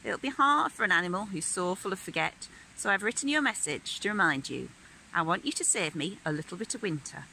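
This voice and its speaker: A woman's voice: lowish voice, expressive, fairly quick, creaky, pushed and bright, a little hiss or hum, full character voice, low-quality recording. A woman voicing a fussy, sleepy male hedgehog in a storybook reading, earnest and a little bossy.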